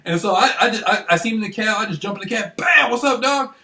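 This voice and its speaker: A man talks straight to the camera in a rambling, excited monologue, circling back over the same points and asking again and again if you follow. His voice is bright and forceful. He is well away from the mic, in a room with a strong echo. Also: high voice, fast, distant mic. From Michigan, United States. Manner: excited, repetitive, keeps asking "you know what I mean". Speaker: vlogger. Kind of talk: rambling self-recorded monologue.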